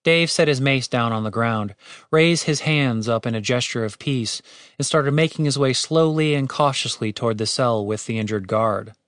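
A man narrating a comedic fantasy story with expressive, animated storytelling. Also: medium pitch, normal speed, no room sound, clean studio sound.

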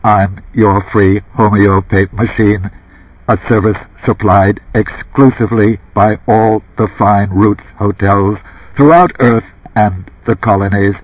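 A man voicing a tinkling mechanical hotel news machine that delivers a chirpy sales pitch. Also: fairly even intonation, measured pace, breathy edge, no room sound. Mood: promotional. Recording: tinny phone-like lo-fi sound.

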